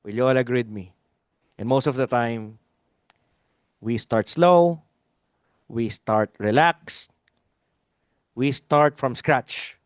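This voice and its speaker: A man's voice: mid-range voice, slow pace, long pauses, no room sound, clean studio sound. A man hosting a live video-call webinar, speaking emphatically, repeating key lines and asking viewers to type their replies. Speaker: webinar host. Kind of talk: live webinar talk to an online audience.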